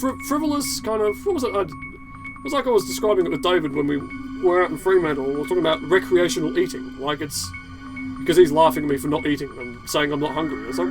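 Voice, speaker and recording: A man's voice: fairly high pitch, fast talker, rough recording. Rambling, foul-mouthed man over game music. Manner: rambling, profane, sardonic. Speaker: gaming YouTuber. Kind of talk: rambling commentary over gameplay. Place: hot room indoors. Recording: game music clearly audible behind.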